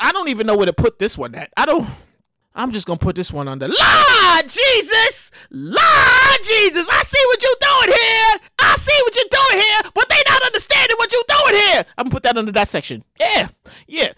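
A man hosting his own comedy show, reacting to odd news stories with loud exclamations, cursing and bursts of laughter. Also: extremely high pitch, no echo. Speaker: podcast host.

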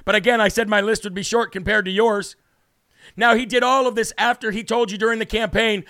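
A man with a high, bright voice and a gravelly edge tears through a political commentary as host, mocking and indignant. His sound is close and dry, with no room around it. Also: steady tone, brisk, no echo. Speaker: political talk show host. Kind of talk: heated political commentary monologue.

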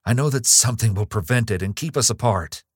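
A man reading the lines of a frightened young noblewoman, pitching up slightly into raised, urgent pleading. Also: sing-song, slow, breathy edge, dry recording, clean studio sound, exaggerated voice.

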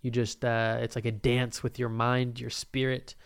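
A young man talks into a microphone on his own podcast, his medium-pitched voice monotone, gravelly yet clean, at normal speed. The casual solo monologue is rambling, full of swearing, laid-back and often punctuated by laughter.

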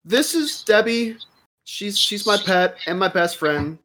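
A man's voice: sits high, expressive, measured pace, sharp tone, pitched above the performer's own voice, exaggerated voice. A man voicing a shy, stammering young female halfling adventurer. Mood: nervous. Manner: shy, stammering, eager to please.

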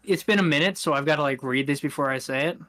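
A man's voice: fairly high pitch, fast talker, pushed and bright. A man co-hosting a podcast, telling a rambling anecdote in casual chat, laughing often and acting out what people said. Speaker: podcast co-host.

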